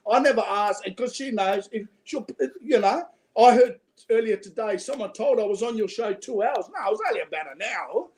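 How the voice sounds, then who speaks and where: Aussie guy on a call-in, kinda high voice, rambly and sweary. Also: fairly quick, few pauses, darkish tone. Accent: Australian. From Australia. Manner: rambling, chatty, swears freely. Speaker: call-in guest. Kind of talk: casual chat.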